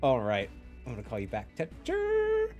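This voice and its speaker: A man's voice: medium pitch, expressive, a little fast, soft background music. A man casting an esports match live, chatty, laughing often and thanking his chat. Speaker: esports caster. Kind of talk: casual live stream commentary.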